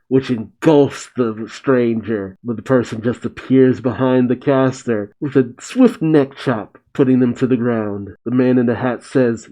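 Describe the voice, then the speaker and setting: A man casually narrating a novel chapter with excited asides and the odd swear. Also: mid-range voice, poor audio. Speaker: story reader and reactor.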